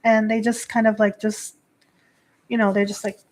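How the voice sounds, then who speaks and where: Speaking in a mid-range voice with flat delivery at a moderate pace, this thirtysomething host and Shinto priestess chats casually on a livestream. She replies to viewers with lots of fillers and laughs frequently.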